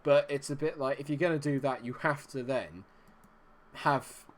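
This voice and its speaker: A man commentating live on his football management game, chatty and reacting loudly to the plays. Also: mid-range voice, moderate pace, slight background noise.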